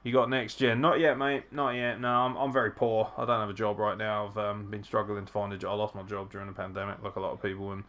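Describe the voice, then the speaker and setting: A man hosting a live wrestling watchalong, chatting casually, swearing and reacting excitedly to the action. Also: on the low side, fast, few pauses.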